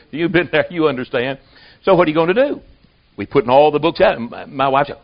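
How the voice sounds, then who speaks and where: A man's voice: on the high side, expressive, a little fast, creaky. A man preaching a sermon to a congregation, with a folksy storytelling manner. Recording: dull lo-fi recording.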